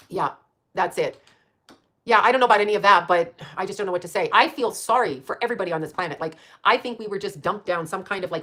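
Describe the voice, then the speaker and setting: Rapid, unfiltered talk from a woman of about sixty, who hops from one thought to the next, curses without a second thought and breaks into laughs. Her pitch sits right in the middle for a woman. It is casual livestream chat, loose and off the cuff. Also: a bit bright. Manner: blunt, profane, rambling, laughs often.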